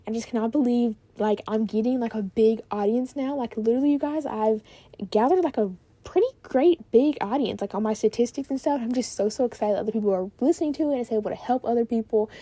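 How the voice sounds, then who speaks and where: A teenage girl hosts her own podcast in a bubbly, gushing chat, full of "like" and "literally". Her voice sits a little high and sounds very mellow and warm. The recording is close and dry. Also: no echo. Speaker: podcast host. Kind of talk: casual solo podcast chat.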